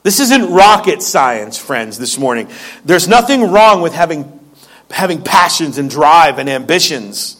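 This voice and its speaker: Man, pastor; high voice, casual sermon delivery. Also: very animated, measured pace, a bit bright. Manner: conversational, joking asides, repeats words.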